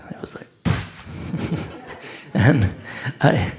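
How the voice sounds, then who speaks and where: A man telling a personal story in a casual spiritual talk, animated and conversational, acting out other people's lines. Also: medium pitch, very slow. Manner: animated, acts out voices, conversational with "like". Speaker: devotee speaker.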